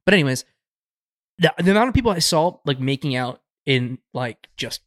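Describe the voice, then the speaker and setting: Joking young man with a slightly high voice. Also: expressive, moderate pace, no room sound, clean studio sound. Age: young adult. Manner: joking, swears casually, chimes in. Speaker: co-host. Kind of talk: casual podcast chat.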